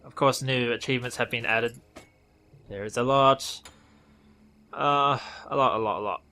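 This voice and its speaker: An Australian man hosting a gaming video gives loose, offhand commentary on a game update, self-correcting as he rambles. He talks at a normal speed in a mid-range voice with a sharp edge.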